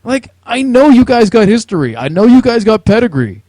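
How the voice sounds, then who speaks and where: A man's voice: high voice, big pitch swings, moderate pace, warm tone, no echo. A man with a New Jersey accent co-hosting a podcast, ranting about video games with heated, sweary, mocking talk. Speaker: podcast co-host. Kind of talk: profane ranting chat.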